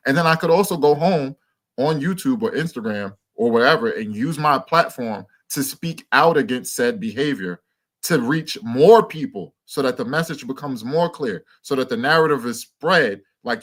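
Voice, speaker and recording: A man speaking as a guest on a livestream, talking in a measured way and leaning on frequent fillers. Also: mid-range voice, expressive, a bit bright. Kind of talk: casual discussion.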